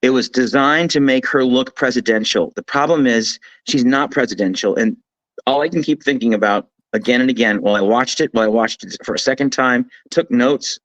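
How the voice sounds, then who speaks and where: A man talking as a guest commentator on a political talk show, emphatic and animated, telling things as a story with frequent restarts. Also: medium pitch, fairly quick, dry recording, low-quality recording.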